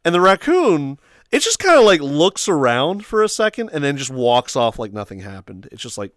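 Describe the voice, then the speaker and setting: A young man hosting a casual chat with friends, telling stories with animated quoting and loud shrieked impressions. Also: a little high, normal speed, dry recording, studio quality. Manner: animated storytelling, acts out quotes in squeals and shrieks. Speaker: host.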